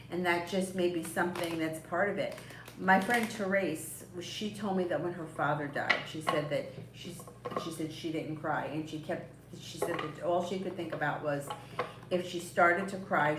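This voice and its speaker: A woman's voice: fairly low pitch, far from the mic. A woman doing casual live-stream tarot readings, chatty and reassuring, rambling along with fillers and small laughs. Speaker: tarot reader. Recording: echoey room, voice a bit off-mic, faint background noise.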